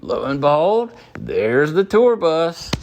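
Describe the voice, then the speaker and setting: A man with a Southern accent, calling into a podcast and telling a long story in a casual, drawn-out way. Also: a little high, wildly swooping pitch, a loud crowd.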